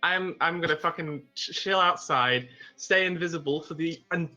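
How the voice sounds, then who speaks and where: A man's voice: a little high, moderate pace, pushed and bright, lo-fi sound, soft background music. A man playing a tabletop game, describing his character's actions in a profane, laughing, rambling way. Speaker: player.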